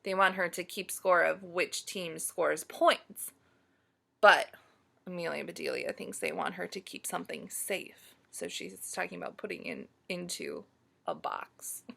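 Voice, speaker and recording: A woman storyteller reading a picture book aloud to children, pausing to ask them questions. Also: on the low side, vocal fry. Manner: slow, animated, asks listeners questions.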